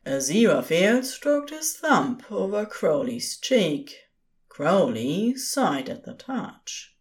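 A woman narrating a podfic in a gentle, expressive storytelling manner. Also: medium pitch, slow.

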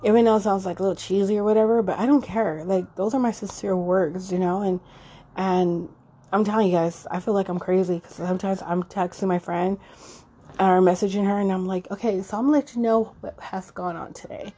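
A woman's voice: mid-range voice, steady tone, a little fast, warm tone. A woman in her thirties talking casually and emotionally on her podcast, swearing freely and using lots of fillers. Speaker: podcast host. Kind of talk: casual personal monologue.

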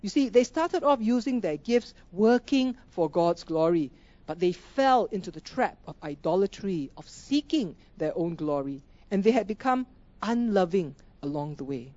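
Woman preacher, sermon, emphatic, warm dark voice, dry dull sound. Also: mid-range voice, lively intonation, moderate pace. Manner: emphatic, rhetorical questions, repeats phrases.

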